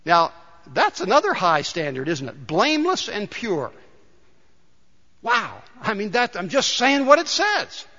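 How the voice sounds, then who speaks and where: This pastor's high voice swoops wildly in pitch, and his tone is bright and forceful, though he never hurries. Preaching in a church sanctuary, he tells jokes and builds toward emphatic appeals to the congregation, all captured with dull sound and a long hall reverb.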